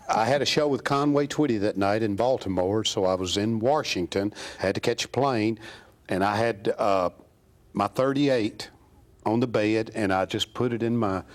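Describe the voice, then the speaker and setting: A man, a country singer guest telling an animated, folksy anecdote in a TV studio. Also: on the low side. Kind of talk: casual storytelling.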